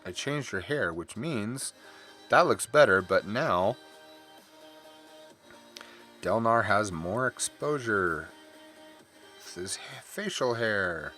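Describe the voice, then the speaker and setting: A middle-aged man rambles on in a relaxed, candid way while he draws on a live stream. His pitch rises and falls freely as he talks. He keeps apologizing for his own swearing. Soft music plays quietly behind him. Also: slow, pauses often. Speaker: artist streaming while drawing. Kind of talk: casual chat while drawing on stream.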